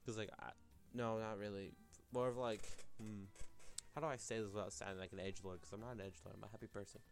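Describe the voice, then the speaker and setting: A man's voice: on the low side, steady tone, fast, faint music behind. A young man talking alone on his podcast, rambling and restarting his sentences, full of filler words. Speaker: podcast host. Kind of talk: solo podcast monologue.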